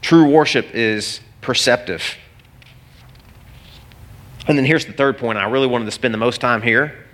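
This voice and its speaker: A male pastor preaching a sermon to a congregation, animated and conversational, often restarting phrases. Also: medium pitch, measured pace. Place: church hall before a congregation.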